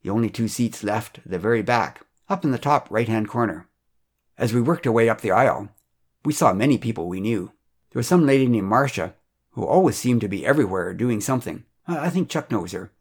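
A man narrating a first-person story from a script in a steady, measured, plainly spoken way. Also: fairly low pitch.

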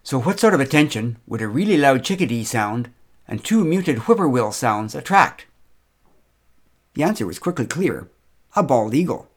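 A man's voice: medium pitch, sing-song, moderate pace. Wry middle-aged man telling a funny story. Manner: wry, dry humor. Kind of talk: humorous first-person storytelling.

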